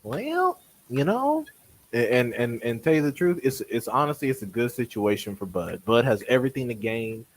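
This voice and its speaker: A man with a husky voice argues boxing opinions in a casual chat. His pitch leaps around as he mocks critics by imitating them. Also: normal speed, low-quality recording. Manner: animated, mocking, mimics critics. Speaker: boxing podcast co-host.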